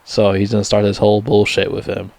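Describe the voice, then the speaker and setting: A man's voice: completely flat delivery, brisk, creaky, a little mellow, no echo. Man, casual profane movie recap, rambling and loose, dry close sound. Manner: profane, rambling, laughs at own jokes; mimics characters in high squeaky voices. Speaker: movie reviewer.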